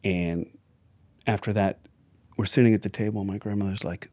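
A man's voice: lowish voice, fairly even intonation, moderate pace, pauses often, darkish tone, no room sound. A man telling a family anecdote in a chatty, wry way with side remarks. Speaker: storyteller. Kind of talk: anecdotal storytelling.

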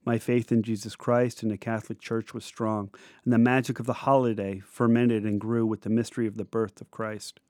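A man's voice: lowish voice, little pitch movement, a little mellow, dry recording, studio quality. Reflective man reading his memoir. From United States. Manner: reflective, measured, descriptive. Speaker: memoir narrator. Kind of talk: reading a personal memoir aloud.

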